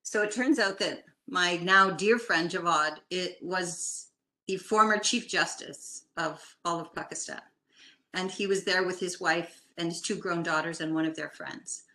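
A woman's voice: fairly low pitch, a little slow, pushed and bright, echoey room. An older woman from Canada, a guest chatting animatedly as she tells a long personal story. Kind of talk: casual storytelling.

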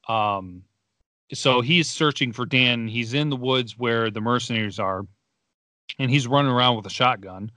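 Young man, podcast co-host, bright tense voice, dry close mic, casual movie-review chat. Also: medium pitch, no room sound. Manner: chatty, laughs often while retelling scenes.

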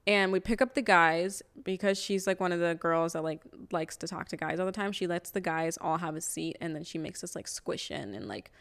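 A young woman tells a story on a casual podcast, cursing freely. Her voice sits a bit low and sounds smooth and clear. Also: fairly quick, hardly any pauses. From Toronto area, Canada. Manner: casual, swears a lot, animated storytelling. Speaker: podcast co-host.

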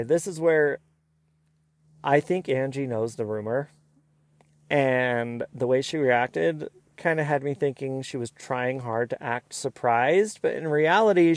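A man hosting a casual, opinionated recap of a reality show, sometimes mimicking the cast in quick asides. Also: medium pitch, dry recording. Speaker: recap host.

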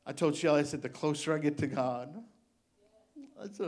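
A man's voice: a little high, moderate pace, long pauses, darkish tone. A man preaching a midweek sermon as pastor, impassioned and emotional, with rising exclamations. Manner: emotional and tender-hearted.

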